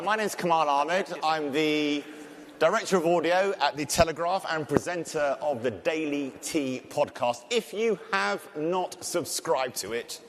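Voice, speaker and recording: A man's voice: fairly high pitch, fairly bright tone, slight background noise. A man with a Scouse accent moderating a conference panel, jokey and self-deprecating. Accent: Liverpool (Scouse). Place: large conference hall. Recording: long hall reverb.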